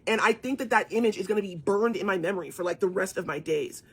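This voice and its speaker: A woman's voice: mid-range voice, fast talker, husky. A woman speaking to camera in an earnest, impassioned monologue, often repeating phrases for emphasis. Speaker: cultural commentator.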